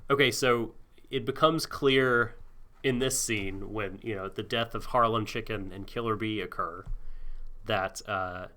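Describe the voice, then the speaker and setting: Low-ish guy with a really bright sharp tone, chatty anime podcast recap. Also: steady tone, unhurried. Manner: rambling, recaps with fillers and sighs. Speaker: podcast co-host. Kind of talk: casual anime discussion.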